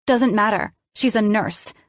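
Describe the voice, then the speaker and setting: A woman reading the lines of a jealous young woman who accuses her lover, sharp and cold. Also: mid-range voice, measured pace, dry recording, studio quality, pitched above the performer's own voice, natural voice. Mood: accusing.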